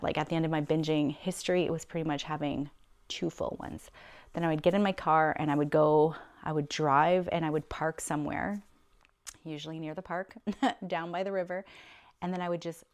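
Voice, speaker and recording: A woman's voice: low voice, steady tone, normal speed, darkish tone. A middle-aged woman in a personal confessional vlog, talking candidly and reflectively with fillers and self-deprecating laughs. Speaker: vlogger sharing her story.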